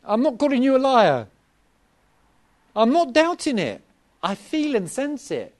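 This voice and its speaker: A man's voice: very high voice, wildly swooping pitch, a little slow. A middle-aged man preaching a sermon to a gathering, with an emphatic delivery full of repetition.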